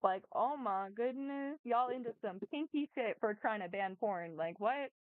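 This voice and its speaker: A woman's voice: a little high, moderate pace, dry recording. Sarcastic swearing woman streamer, tinny sound. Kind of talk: casual reaction chat. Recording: dry, phone-like tinny sound.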